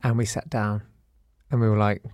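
A man's voice: fairly low pitch, level tone, moderate pace, a little mellow, dry recording, studio quality. A man hosting a podcast, telling a school story in a wry, self-deprecating way and acting out the people in it. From South East London. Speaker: podcast host. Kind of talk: casual storytelling monologue.

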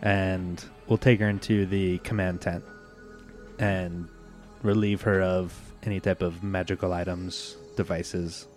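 Player, male, lowish voice, plain blunt delivery, faint music behind. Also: level tone, measured pace. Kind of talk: casual tabletop play.

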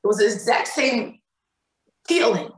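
A woman's voice: a little high, expressive, unhurried, roomy sound, rough recording. A woman from Cleveland, Ohio, telling a painful personal story as a podcast guest, repeating words and acting out quoted dialogue.

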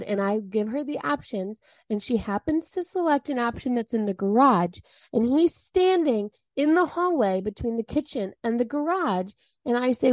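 Telling a story in casual podcast chat, this co-host acts out quotes with big shifts in her voice. The studio-quality recording has no room sound, and her fairly high voice moves at normal speed.

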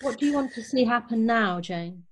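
A woman interviewer asking questions in a gentle, measured way. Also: a little high, lively intonation.

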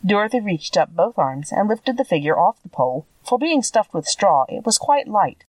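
A woman reads a children's story aloud in an expressive, measured way. Her voice rises and falls in a lively way. The sound is dry and a little distant from the mic. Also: medium pitch, no room sound. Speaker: podcast reader. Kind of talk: storybook narration.

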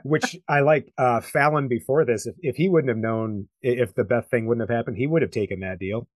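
A man's voice: mid-range voice, brisk, no room sound. Rambling man co-hosting a film podcast. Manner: rambling, many fillers and restarts, laughs along. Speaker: podcast co-host. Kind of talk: casual film discussion.

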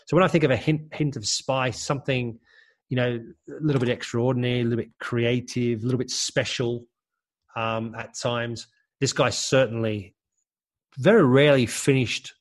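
A man's voice: medium pitch, steady tone, moderate pace. A former footballer recalling stories in casual chat, rambling and correcting himself as he goes. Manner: rambling, self-correcting anecdotes.

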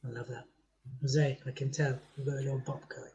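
Quick, teasing, husky podcast host man. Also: medium pitch, flat delivery, dark tone. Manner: playful, teasing. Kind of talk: casual podcast chat.

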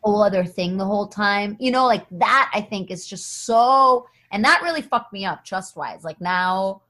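Woman guest comic on a podcast, lively storytelling, voices other people, laughs a lot. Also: medium pitch, moderate pace. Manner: animated storytelling with quoted voices; laughs often. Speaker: guest comedian. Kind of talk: casual podcast chat.

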